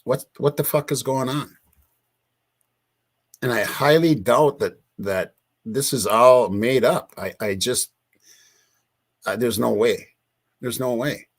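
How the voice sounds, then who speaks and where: A husky-voiced man rants in casual commentary and keeps circling back to the same point. He speaks slowly and sounds exasperated, with curses mixed in. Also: medium pitch. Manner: exasperated, repeats himself, swears. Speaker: true crime commentator.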